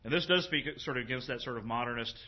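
A man giving an informal lecture on a Greek New Testament passage, thinking aloud with many fillers and reading the Greek words slowly. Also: medium pitch, muffled recording.

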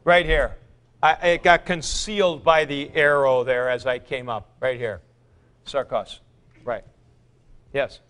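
A man's voice: mid-range voice, fairly even intonation, measured pace, long pauses, a bit bright, smooth. A middle-aged man teaching a Greek grammar class, explaining patiently in a classroom. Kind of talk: classroom lecture.

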